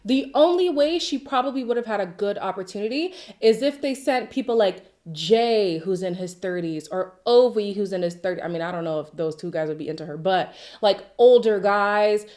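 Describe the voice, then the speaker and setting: A woman's voice: mid-range voice, lively intonation, normal speed, few pauses, a little mellow. A woman hosting a casual reality TV recap, chatty and sassy, talking straight at the people she reviews and ending her points with a pointed "okay?".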